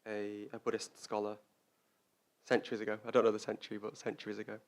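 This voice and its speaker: A man's voice: on the low side, monotone, fast talker. A man giving a Dharma talk as a Buddhist teacher, speaking reflectively and often repeating words as he searches for them.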